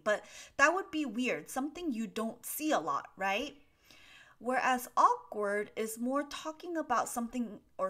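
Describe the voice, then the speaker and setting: A woman speaks at medium pitch with a sharp tone. As an English teacher running a live stream from her desk, she reads viewers' questions off her laptop and answers patiently, with frequent filler words.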